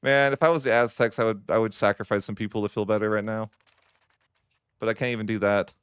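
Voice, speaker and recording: Wry, smooth-voiced man narrating his game. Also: fairly low pitch, fairly even intonation, quick pace, no room sound. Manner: wry, mock-dramatic, self-pitying. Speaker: gaming YouTuber. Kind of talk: casual strategy game commentary.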